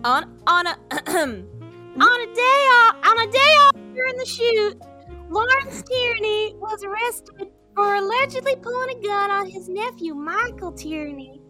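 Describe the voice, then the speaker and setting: A very high-voiced woman co-hosting a podcast, flustered, swearing and laughing as she goes. Her bright tone has a lively, sliding pitch, and she talks slowly. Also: soft background music. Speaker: podcast co-host. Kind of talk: casual podcast banter.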